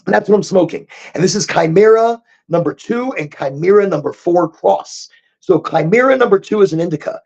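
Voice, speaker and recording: A man hosting a casual livestream chat, high and rambling, repeating himself and chuckling at his own jokes. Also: expressive, a little fast, gravelly, darkish tone, dull audio. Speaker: podcast host.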